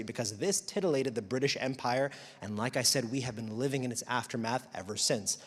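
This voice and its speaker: A man giving a live talk to an audience, animated, wry and emphatic. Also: mid-range voice, fairly quick, few pauses, slightly rough. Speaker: speaker. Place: large auditorium. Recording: long hall reverb.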